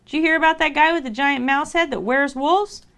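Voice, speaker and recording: A woman voicing a suspicious, wary wolf family, sharp and distrustful. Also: high-pitched, a little fast, gravelly, voice pushed up.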